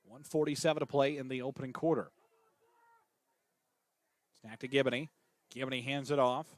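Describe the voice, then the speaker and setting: A man calling a local high school football game, mid-pitched and conversational between plays. On a close play his voice climbs quickly as the excitement takes over. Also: no echo. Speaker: play-by-play announcer.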